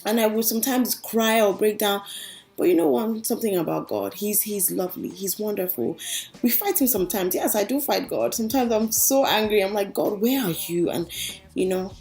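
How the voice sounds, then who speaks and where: A woman's voice: medium pitch, expressive, moderate pace, gravelly, a little mellow. A young woman talking earnestly and casually to her viewers about her faith, like an online vlogger. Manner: earnest and chatty, addresses viewers as guys. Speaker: Christian vlogger. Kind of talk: casual inspirational faith talk.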